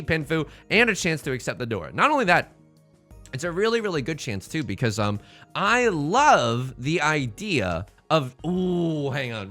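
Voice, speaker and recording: Lively, jokey man commenting on a game. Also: medium pitch. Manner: rambling, playful, jokey asides. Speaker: let's play host.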